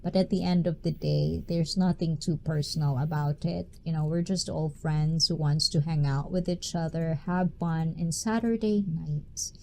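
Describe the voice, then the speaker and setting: A woman's voice: sits low, fairly even intonation, normal speed, creaky, hardly any pauses, darkish tone, slight background noise. A woman hosting a casual livestream, chatting playfully, reading viewers' messages aloud and laughing often. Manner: playful, talkative. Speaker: livestream host.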